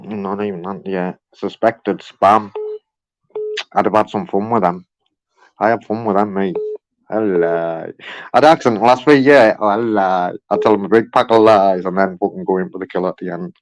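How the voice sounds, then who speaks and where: Brief: male streamer, slightly low voice, rambling and profane, casual chat to viewers. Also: fairly even intonation, moderate pace, lo-fi sound. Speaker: livestreamer.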